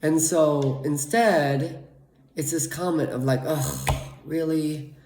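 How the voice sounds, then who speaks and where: A man's voice: a little high, slow pace, darkish tone, reverberant, a little hiss or hum. A young man speaking candidly and emotionally to camera in a confessional monologue, blunt and full of swearing. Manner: candid, profane, emotionally raw. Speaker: vlogger.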